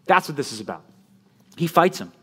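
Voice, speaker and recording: A man preaching a sermon as pastor, animated and conversational, often checking in with "right?". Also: fairly high pitch, a little fast, slightly rough.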